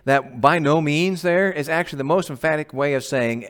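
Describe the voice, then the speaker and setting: A man's voice: a little high, moderate pace, fairly bright tone, clean tone. A man, a pastor, giving a conversational, emphatic sermon and often asking the congregation questions. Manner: laughs at himself.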